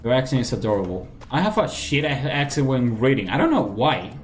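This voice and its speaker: A man's voice: medium pitch, sing-song, brisk, faint music behind. A man giving casual gameplay commentary, joking, mocking himself and thinking aloud as he plays. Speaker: gameplay streamer.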